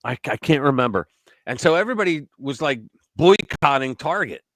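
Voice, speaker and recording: A man's voice: medium pitch, lively intonation, brisk, a bit bright, no echo, clean studio sound. A man hosting a casual live-stream commentary show, blunt and profane, laughing at his own jokes. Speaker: host.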